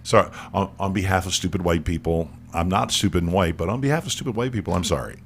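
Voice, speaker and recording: A man hosts an internet radio chat in a lowish voice. He jokes and laughs a lot and stumbles over his words, repeating them as he talks. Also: fast talker, slight background noise. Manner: joking, stammering, repeats words, laughs often. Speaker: radio show host. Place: studio.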